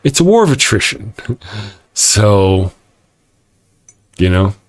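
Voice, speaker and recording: A man's voice: fairly low pitch, very animated, slow. A middle-aged man with a Texas accent hosting a live-stream morning show, rambling and self-mocking as he reads viewer comments and laughs often. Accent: Texan.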